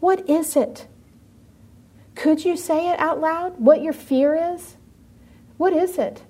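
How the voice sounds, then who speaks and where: A middle-aged woman preaching to a live audience, telling a personal story and asking the room questions in an animated way. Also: sits high, takes it slowly.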